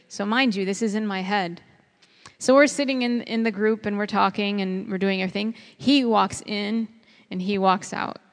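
A woman telling her story as a spoken testimony, earnest and heartfelt, voicing her past self's words aloud. Her voice sits in a middle range and carries a long reverb, as if it fills a large hall. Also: medium pitch. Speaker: guest speaker sharing testimony. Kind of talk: personal testimony talk.

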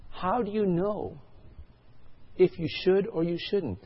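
A man's voice: high voice, slow pace, husky, lo-fi sound. A male pastor delivering a sermon, telling a story and asking the congregation questions.

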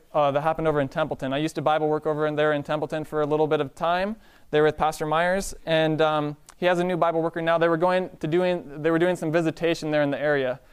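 A man preaching a sermon in a relaxed storytelling way, often asking the congregation "Amen?". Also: a little high, clean tone. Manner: conversational, calls out "Amen?" to the congregation.

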